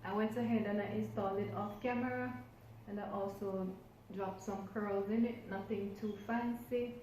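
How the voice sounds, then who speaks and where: A woman vlogger chats her way through a how-to in a mellow, relaxed voice. Her words bounce around a very echoey room, with a faint hum of room ambience behind her. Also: medium pitch, normal speed. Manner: chatty, addresses viewers while working. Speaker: hair vlogger. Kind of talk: casual how-to narration.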